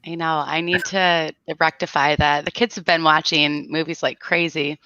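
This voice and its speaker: A woman's voice: low-pitched, fairly even intonation, normal speed, bright, forceful tone, clean tone, dry recording, muffled recording. A woman from South Florida hosting a casual livestream and greeting her viewers by name. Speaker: livestream host.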